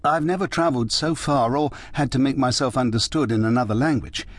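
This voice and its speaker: A man's voice: medium pitch, a little fast, no echo, voice pushed up, close to an everyday voice. A male narrator voicing a timid, earnest young Englishman, speaking in a raised, eager, somewhat anxious way. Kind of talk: audiobook character reading.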